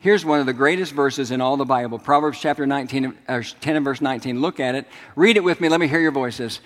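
A man's voice: medium pitch, fast talker, hardly any pauses. A middle-aged man preaching a sermon, telling stories and calling on the congregation to respond. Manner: storytelling, asks the congregation to respond. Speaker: pastor. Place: large church sanctuary. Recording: long hall reverb.

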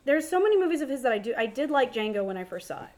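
A woman co-hosting a podcast in casual chat, chatty and quick to laugh. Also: sits high, big pitch swings, a little mellow. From American South. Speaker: podcast co-host.

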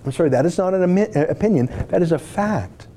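Mocking man with a lively, swooping voice. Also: high voice, fast talker, a little hiss or hum. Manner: mocking, indignant, rhetorical questions. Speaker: political commentator. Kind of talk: sarcastic political commentary.

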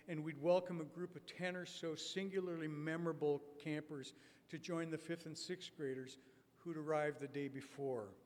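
A man in his sixties giving a prepared conference talk in a measured, wry storytelling manner with deliberate pauses. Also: a little high. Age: 60s. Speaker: conference speaker. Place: conference hall. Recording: long reverb of a conference hall.

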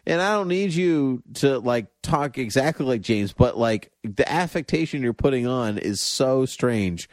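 A man's voice: medium pitch, expressive, unhurried, hardly any pauses, no room sound, clean studio sound. A man co-hosting a podcast in casual chat, chatty and joking, with mock-outraged asides. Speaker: podcast co-host.

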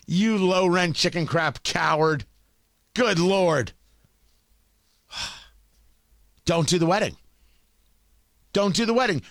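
A male talk radio host delivers an emphatic, opinionated monologue, swinging from loud scolding to low asides. He's on a studio mic with no echo.

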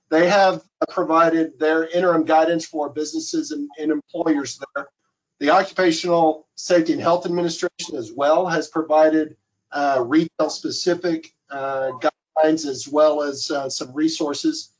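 A man presenting resources during an online webinar, listing them in a steady way. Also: fairly high pitch. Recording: lo-fi online call audio.

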